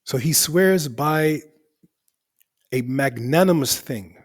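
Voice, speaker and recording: A man's voice: a little high, animated, takes it slowly, breathy edge. Man explaining Arabic poetry grammar. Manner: methodical, repeats and rephrases for emphasis. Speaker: teacher.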